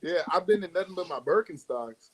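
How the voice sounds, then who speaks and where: A man's voice: high-pitched, expressive, fairly quick, fairly bright tone, breathy edge, rough recording. A young man co-hosting a youth group livestream, chatting easily and chuckling often. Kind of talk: casual livestream chat.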